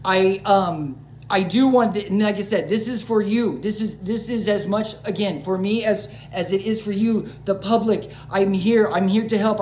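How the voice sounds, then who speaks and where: A woman's voice: medium pitch, darkish tone, slight background noise. A woman vlogger ranting to camera in a rambling, agitated way, restarting sentences, swearing and apologizing to her viewers. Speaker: small-channel vlogger. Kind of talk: unscripted rant to camera. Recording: roomy echo.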